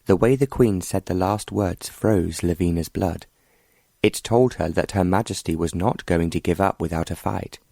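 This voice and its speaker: A man reads an audiobook in steady, scripted narration. His voice sits very low, and the recording is dry and close. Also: normal speed, vocal fry, dry recording.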